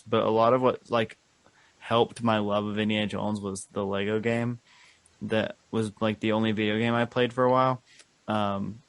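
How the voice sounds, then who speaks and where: A man's voice: lowish voice, clean tone, dry recording. A man co-hosting a podcast in casual chat, talking eagerly with lots of "like" and "um". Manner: enthusiastic, rambling, many fillers. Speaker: podcast co-host.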